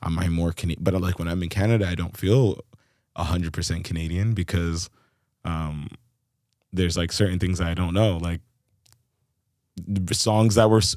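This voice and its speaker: A man's voice: on the low side, a little mellow, no room sound, studio quality. A young man from Kenya hosting a casual podcast chat, reflective and hesitant, full of fillers and restarts, laughing easily. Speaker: podcast host.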